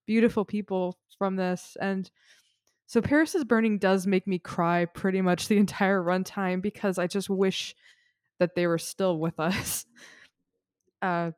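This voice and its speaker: A woman's voice: medium pitch, fairly even intonation, unhurried, darkish tone, smooth, no echo, clean studio sound. A woman co-hosting a podcast, tearful and sniffling as she talks earnestly and rambles about a film she loves. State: tearful, crying. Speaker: podcast co-host. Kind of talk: emotional film discussion.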